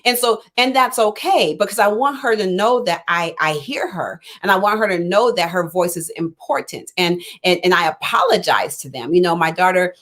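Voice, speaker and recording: A middle-aged woman life coach, unwell and clearing her throat, chatting casually on a live stream and acting out both sides of her conversations. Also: lowish voice, moderate pace, few pauses, fairly bright tone. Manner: conversational, rambling with many fillers and restarts.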